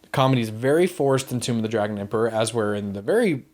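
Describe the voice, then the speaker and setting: A man co-hosting a movie podcast, talking in an easy, unscripted way at a middle pitch. He rambles and restarts his sentences, acts out lines in other voices, and swears freely as he gets going. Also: lively intonation, fast, darkish tone. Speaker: podcast co-host. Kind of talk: casual movie chat.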